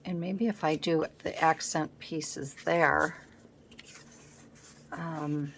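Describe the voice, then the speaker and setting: A woman's voice: deep voice, fairly even intonation, extremely slow, slight background noise. A woman talking casually at her craft table at home, thinking aloud as she works, recorded by a camera set on the table. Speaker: scrapbooking vlogger. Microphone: camera set up on the work table.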